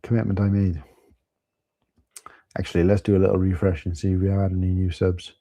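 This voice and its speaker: A man's voice: deep voice, level tone, fairly quick, mellow, dry recording. A man with a Welsh accent hosting a casual live stream, chatting loosely and greeting viewers by name. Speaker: livestream host. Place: at home.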